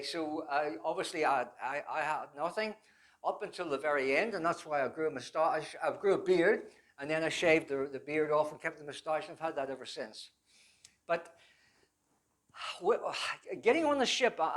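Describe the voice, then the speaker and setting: An older man telling his life testimony to a church audience, rambling and halting with many restarts, adding self-deprecating humor. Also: fairly high pitch, a bit bright. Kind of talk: personal testimony storytelling.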